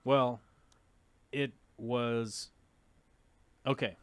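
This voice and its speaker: A man hosting a live talk show, explaining things in a relaxed, casual way. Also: mid-range voice, drawn-out words, clear, resonant tone, no room sound. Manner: relaxed, explanatory, often says "okay". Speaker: host.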